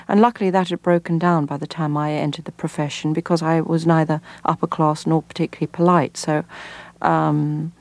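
A middle-aged woman from England, an actress answering interview questions thoughtfully, pausing and restarting as she searches for words. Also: deep voice, little pitch movement, darkish tone. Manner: thoughtful, frequent restarts and pauses. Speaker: actor, guest.

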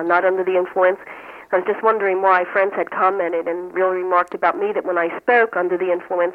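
A woman calling in to a radio show, with a cold, speaking hesitantly and rambling. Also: fairly low pitch. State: has a cold. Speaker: caller. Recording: phone line.

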